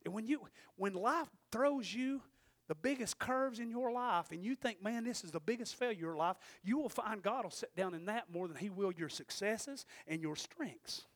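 A man's voice: high voice, moderate pace, no echo. Male preacher, folksy, dry close sound, big swings in volume. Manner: folksy, swings from hushed asides to shouted peaks. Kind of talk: sermon.

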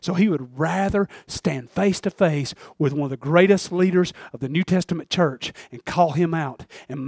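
A man preaching a sermon, calling for amens and swinging between shouts and hushed asides. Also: a little high, no echo, clean studio sound. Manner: calls for amens from the congregation. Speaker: pastor.

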